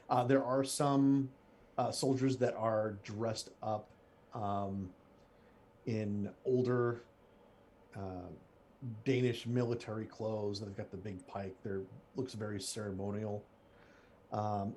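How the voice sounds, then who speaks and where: A man running a tabletop game as game master, describing scenes with many pauses and fillers. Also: lowish voice, a little mellow.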